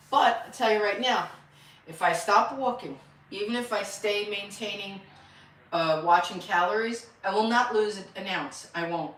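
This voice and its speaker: A woman's voice: medium pitch, a bit bright, slight background noise. An older woman chatting casually on a live stream, counting out exercise reps and rambling about her day. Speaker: lifestyle channel host. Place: home room with a mirror. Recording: echoey room, voice from a distance.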